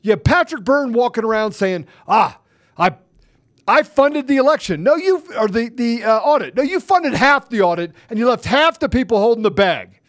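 Furious high-voiced man ranting. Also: lively intonation, a little fast. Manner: angry, forceful, repeats himself. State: agitated. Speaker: guest. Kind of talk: heated political rant.

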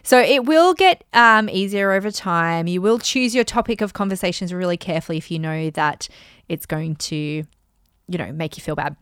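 A woman hosting a casual talk on money mindset, chatty and animated, acting out bits of dialogue. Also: fairly low pitch, normal speed, clear, resonant tone, no echo, studio quality. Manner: chatty and animated, acts out dialogue in bright voices. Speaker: host and money mindset coach. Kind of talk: casual teaching monologue.

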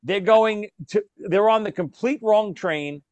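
Animated storytelling man, dry close sound. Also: high-pitched, measured pace, dry recording, highs cut off. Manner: animated storyteller, laughs, acts out quoted lines. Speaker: podcast host. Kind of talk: casual chat, storytelling.

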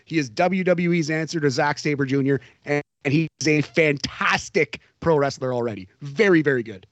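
A man co-hosting a wrestling podcast, his voice sitting a little high. He chats casually, jokes and laughs often. The sound is dry and close to the mic. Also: normal speed, dry recording, lo-fi sound. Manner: animated, jokey, laughs often. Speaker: podcast co-host. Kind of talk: casual wrestling recap chat.

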